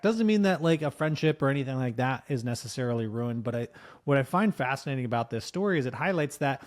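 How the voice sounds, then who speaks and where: Male co-host, mid-pitched, reflective and conversational, casual business chat. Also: lively intonation, quick pace. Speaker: podcast co-host.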